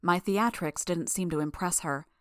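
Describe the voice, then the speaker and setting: A woman giving a measured first-person audiobook narration. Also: fairly low pitch, dry recording, studio quality.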